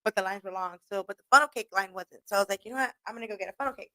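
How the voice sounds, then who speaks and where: Profane, laughing Chicana radio host. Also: female voice, mid-range voice, very fast, no echo. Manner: profane, laughing, animated retelling. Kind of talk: casual storytelling monologue.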